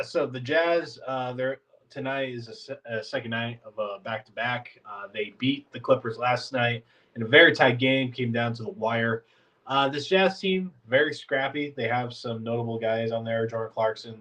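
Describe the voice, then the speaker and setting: A man's voice: medium pitch, fairly bright tone, distant mic, low-quality recording. A man hosting a casual sports podcast, congested and talking in a rambling, filler-heavy way like a frustrated fan. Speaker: podcast host.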